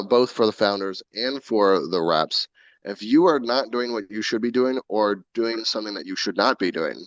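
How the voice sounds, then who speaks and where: A man's voice: on the low side, no room sound, highs cut off. A man appearing as a guest on a business podcast, explaining earnestly and restarting his words now and then. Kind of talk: casual business talk.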